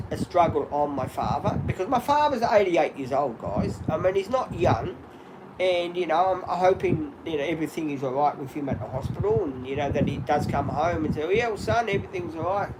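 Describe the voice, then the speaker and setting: A man in his fifties chats on a live stream from his home, his voice sitting a little high for a man. He rambles openly and speaks straight to his viewers as "guys". Steady background noise, clicks and a passing vehicle sit under his voice. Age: 50s. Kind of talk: candid live-stream chat.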